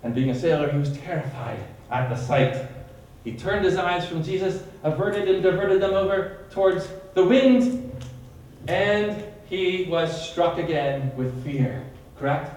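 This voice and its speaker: Animated man teaching in an echoey room. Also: high voice, unhurried, far from the mic. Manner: animated, quizzes listeners by name, dramatic retelling. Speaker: Bible study leader. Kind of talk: teaching sermon with questions to a group.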